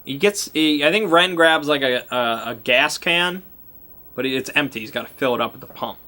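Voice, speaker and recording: A man's voice: mid-range voice, normal speed, sharp tone. A young man as game master, casually recapping a tabletop game session in a rambling way, full of "like" and restarts. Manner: rambling, lots of "like" and restarts, chuckling.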